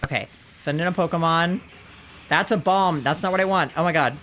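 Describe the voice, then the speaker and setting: A streamer giving live gameplay commentary, exasperated and swearing often, with sudden yelps and shouts. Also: medium pitch, fairly quick. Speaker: streamer playing a video game.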